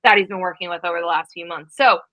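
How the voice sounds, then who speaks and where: A woman in her thirties co-hosting a college football podcast, talking fast and casually with lots of fillers. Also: lowish voice, no room sound, dull audio. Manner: quick, chatty, many fillers. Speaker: podcast co-host. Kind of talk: casual sports chat.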